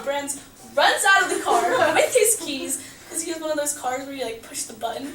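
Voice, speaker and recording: A teenage girl casually telling a personal story to a group, animated and laughing, with a lot of "like.". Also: high voice, a little fast, few pauses, crowd noise. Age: teens. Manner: animated, laughing, heavy use of "like". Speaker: student storyteller. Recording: echoey room, mic at a distance, background noise.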